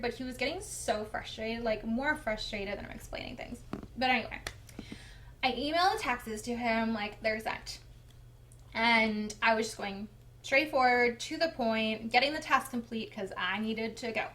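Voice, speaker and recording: A young woman vlogger casually telling a personal story, chatty and animated, with frequent fillers. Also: fairly high pitch.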